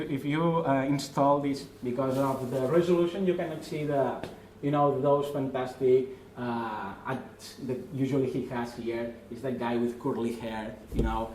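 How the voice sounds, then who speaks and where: A man with a Spanish accent gives an informal, self-deprecating presentation at a meetup, stopping often to restart his sentences. His voice sits at a middle pitch. The room around him is roomy and echoing, with a faint hiss underneath. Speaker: guest speaker. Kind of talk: presentation talk. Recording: roomy echo, faint noise.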